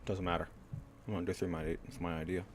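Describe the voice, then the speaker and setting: A man's voice: low voice, flat delivery, quick pace, noisy background. A man streaming a game, talking to himself in casual commentary, frustrated and swearing often.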